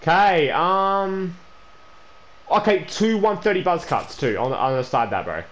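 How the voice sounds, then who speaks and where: A man's voice: high-pitched, animated, measured pace, a bit bright. A young man, a gaming YouTuber, chatting casually during an online trade prank, stammering and repeating himself and calling the other player "bro" and "man".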